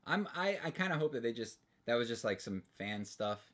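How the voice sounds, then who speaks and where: A man's voice: medium pitch, big pitch swings, a little fast, fairly bright tone. A man co-hosting a casual live stream, rambling and joking with frequent restarts. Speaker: livestream co-host.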